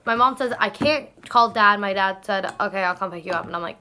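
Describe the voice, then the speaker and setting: A woman's voice: medium pitch, fairly quick, a little hiss or hum. A teenage girl telling a story to her vlog in casual chat, rambling and acting out what everyone said. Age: teens. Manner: rambling, animated retelling with many "I'm like" quotes. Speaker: vlogger.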